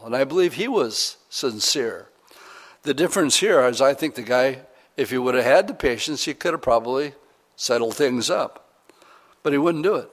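A man's voice: medium pitch, animated, moderate pace. A man preaching a sermon in a conversational, earnest way, with emphatic rises. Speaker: pastor.

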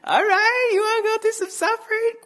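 A man's voice: very high-pitched, fairly even intonation, a little fast, bright, forceful tone, pitched above the performer's own voice. A male pastor voicing God as amused and blunt, mocking a complaining believer. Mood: teasing.

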